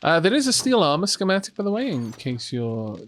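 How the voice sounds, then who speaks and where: A man's voice: fairly high pitch, sing-song, fast talker. A man hosting a co-op game let's play, chatting casually with dry sarcastic humor and frequent hesitations. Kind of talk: casual co-op gameplay chat.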